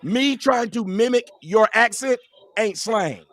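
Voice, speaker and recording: A man's voice: high-pitched, animated, slow pace, fairly bright tone, dry recording. A man hosting a streamed panel show, arguing heatedly, profane and combative, often talking over the other speaker. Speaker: show host.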